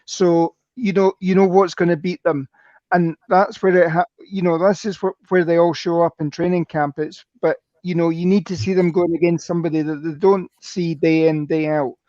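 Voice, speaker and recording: A man's voice: on the high side, flat delivery, normal speed, a little mellow, no room sound. A man co-hosting a podcast, talking in a rambling, self-correcting, sceptical way over slightly dull call audio. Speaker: co-host. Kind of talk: casual podcast chat.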